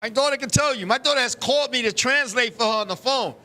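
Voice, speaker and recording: A middle-aged man hosting a live talk show, telling stories in a loud, profane, animated way. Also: extremely high pitch, quick pace. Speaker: show host. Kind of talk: live casual chat.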